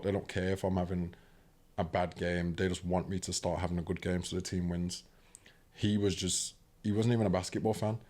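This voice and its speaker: A young British man telling a personal story casually and animatedly, often asking "do you know what I mean". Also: low voice. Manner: animated, acts out quoted voices. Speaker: podcast guest.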